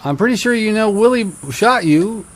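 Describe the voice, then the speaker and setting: A man's voice: high voice, expressive, moderate pace, a little hiss or hum. A man hosting a casual podcast group call and cheerfully introducing the guests. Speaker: podcast host.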